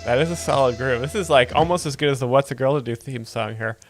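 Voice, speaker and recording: A man hosting a comedy show, explaining jokes in a deadpan, halting way full of ums. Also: mid-range voice, faint music behind. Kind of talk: deadpan mock commentary.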